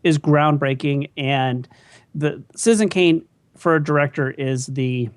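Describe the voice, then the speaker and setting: A man's voice: a little high, fairly even intonation, measured pace, clear, resonant tone, dry recording. A man in his thirties co-hosting a casual film podcast from home, rambling with many ums and restarts as he makes his case. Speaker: podcast co-host.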